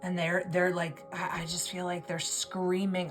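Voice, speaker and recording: A tarot reader gives an intuitive reading in a low-ish, monotone voice at a measured pace, with soft music behind her. She talks emotionally and ramblingly, often restarting her words.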